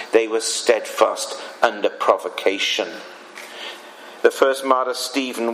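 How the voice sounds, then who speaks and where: A man preaching a sermon, speaking in a deliberate way with emphatic pauses between phrases. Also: mid-range voice, fairly bright tone, a little hiss or hum, low-quality recording.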